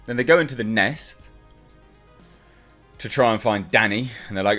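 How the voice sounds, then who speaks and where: A man's voice: on the low side, normal speed, sharp tone, soft background music. A man reviewing a comic book in a casual, exasperated and sarcastic rant.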